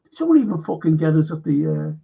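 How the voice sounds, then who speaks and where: Husky, gravelly man, slow. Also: a little high, big pitch swings. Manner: rambling, swears freely, repeats himself. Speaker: film and TV review host. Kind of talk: casual livestream chat reading viewer comments. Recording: dull lo-fi stream audio.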